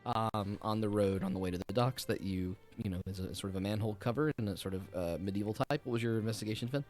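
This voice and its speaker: A man's voice: on the low side, quick pace, darkish tone, faint music behind. A man narrating a tabletop game as game master in a laid-back, hesitant way.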